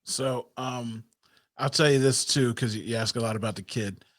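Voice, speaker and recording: A man hosting a casual interview over a video call, telling a family story in an animated storytelling manner. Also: medium pitch, moderate pace, dry recording, studio quality. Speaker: host. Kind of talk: casual conversation.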